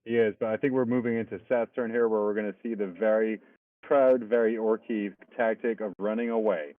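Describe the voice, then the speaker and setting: A man calls a tabletop wargame with dry, laid-back humour. His voice sits fairly low. It sounds tinny and phone-like, with no room echo. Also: steady tone, brisk. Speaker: tabletop game co-commentator. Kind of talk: casual live game commentary.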